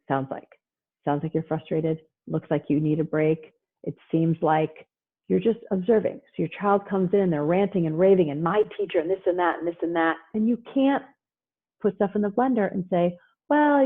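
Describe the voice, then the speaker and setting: A middle-aged woman therapist giving a lively online parenting talk, acting out parents and children as she goes. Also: sits low. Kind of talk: animated online presentation. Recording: husky voice over a tinny phone-like line.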